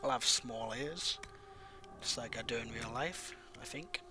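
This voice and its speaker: A man casually narrating his gameplay in a relaxed, amused, chatty way. His pitch sits mid-range. Game music plays clearly behind him. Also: unhurried. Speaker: gaming channel host. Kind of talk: casual let's-play commentary.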